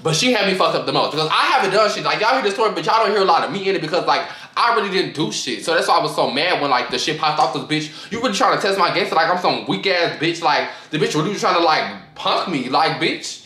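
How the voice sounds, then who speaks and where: A man's voice: fairly high pitch, expressive, fast talker, hardly any pauses, pushed and bright. A young man telling a storytime on his vlog, sassy and profane, mimicking his friends' voices as he goes. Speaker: storytime vlogger. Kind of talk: casual storytime rant. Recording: roomy echo.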